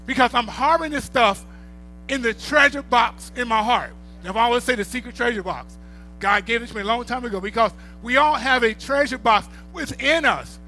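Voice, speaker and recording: A middle-aged man preaching a sermon. His voice sits very high for a man and rings bright and sharp, and he often swells to loud, emphatic peaks. Faint music plays softly behind him. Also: moderate pace. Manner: preaching with rising bursts of volume and storytelling. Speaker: pastor.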